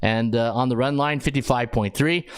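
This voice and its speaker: A middle-aged Canadian-accented man hosts a sports betting podcast as a handicapper, rattling off stats and chatting with viewers by name in between. He speaks at a moderate pace with a medium pitch and a clean tone.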